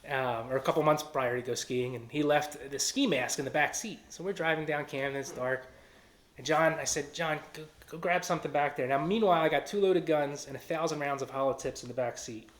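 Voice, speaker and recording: A man's voice: a little high, a little fast. Earnest man telling a personal testimony. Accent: Philadelphia area. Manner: earnest storytelling with quoted dialogue. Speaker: testimony speaker.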